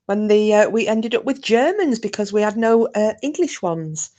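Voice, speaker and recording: A woman's voice: medium pitch, lively intonation, moderate pace, warm tone. A woman from Scotland hosting a casual live chat with viewers, talking in a jokey, rambling way with lots of fillers and restarts. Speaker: live stream host.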